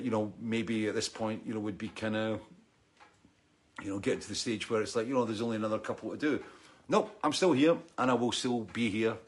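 A man hosting a casual livestream chat, rambling and swearing, with many "you know"s. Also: on the low side. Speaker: show host.

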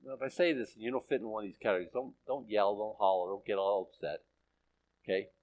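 A man's voice: fairly low pitch, fast, a little mellow, poor audio. A male pastor preaching a conversational sermon, often checking in with his listeners.

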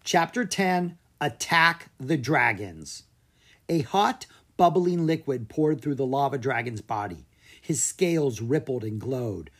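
Breathy, lively storybook narrator. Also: mid-range voice, slow. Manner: lively read-aloud with voiced characters. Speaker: audiobook narrator.

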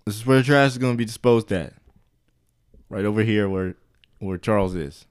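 A man's voice: on the low side, moderate pace, smooth. A man hosting a comedy podcast, joking and swearing as he tells stories. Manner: joking, profane, animated storytelling. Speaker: podcast host. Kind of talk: casual comedic chat.

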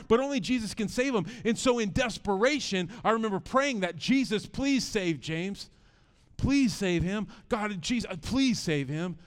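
A middle-aged man preaching a sermon as pastor, conversational and repetitive, with animated emphasis. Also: extremely high pitch. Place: church sanctuary. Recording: long hall reverb.

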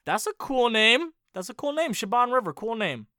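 A man's voice: extremely high pitch, very animated, normal speed, pushed and bright, dry recording, studio quality. A man in a casual rambling book chat, sounding out odd names aloud and swearing as he goes.

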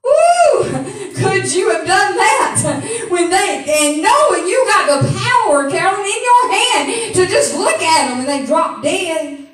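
High-voiced woman pastor preaching. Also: sing-song, slow pace. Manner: preaching in call-and-response, rising to shouts. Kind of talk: sermon. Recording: echoey room from far off.

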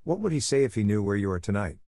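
A man voicing a stern, furious schoolmistress who scolds in sharp, cutting words. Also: on the low side, big pitch swings, fast talker, gravelly, dry recording, studio quality. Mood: scolding.

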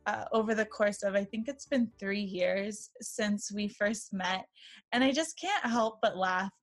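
A woman in her thirties hosting a podcast, telling a story in a chatty, warm way with fillers. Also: mid-range voice, unhurried. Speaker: podcast host. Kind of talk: casual chat.

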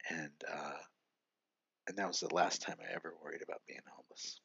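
Middle-aged male guest, earnest storyteller, lowish voice, dry slightly muffled recording. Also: level tone, a little fast, creaky, pushed and bright, husky, no room sound. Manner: earnest, frequent "right?" asides, chuckles. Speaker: podcast guest. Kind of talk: personal storytelling.

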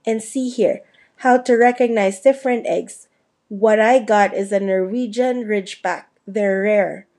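A woman's voice: mid-range voice, steady tone, unhurried, darkish tone, natural voice. Hagrid, a woman reading as a big proud groundskeeper. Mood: proud, chatty.

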